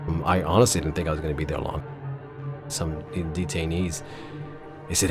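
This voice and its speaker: A man telling his own story in an interview, animated, acting out what people said to him. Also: low-pitched, fairly quick, long pauses, music in the background. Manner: animated, acts out quotes, swears. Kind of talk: casual storytelling.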